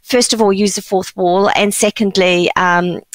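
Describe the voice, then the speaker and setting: A woman's voice: mid-range voice, steady tone, a little slow, no echo. A woman with a New Zealand accent, a publishing panelist giving thoughtful, hesitant feedback on a manuscript over a video call. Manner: thoughtful, hesitant, full of fillers.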